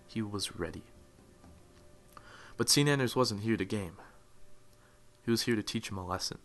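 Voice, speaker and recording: Young male gamer narrator, lowish forceful voice, over-the-top motivational speech, soft music behind. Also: normal speed. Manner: builds to loud, fervent swells. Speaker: gaming video narrator. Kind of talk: mock-dramatic motivational narration. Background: faint music.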